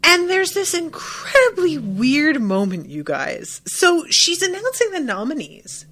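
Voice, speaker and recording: Woman podcaster, unhurried, fairly high voice, chatty and profane recap host. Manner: animated, profane, bursts into laughter. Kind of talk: casual recap chat.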